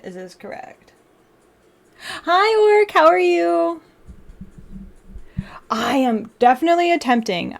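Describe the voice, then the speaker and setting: A young woman streamer chatting casually while building a model kit, animated and full of quoted back-and-forth. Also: medium pitch. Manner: chatty and animated, with frequent laughs and quoted dialogue.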